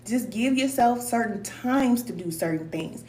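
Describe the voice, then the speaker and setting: Fairly high and a little mellow, her voice is animated though a bit slow. This spiritual teacher talks casually to her live-stream audience, encouraging them, calling them cousin and repeating herself in loose colloquial speech. The recording has echo, a distant mic and a faint hum.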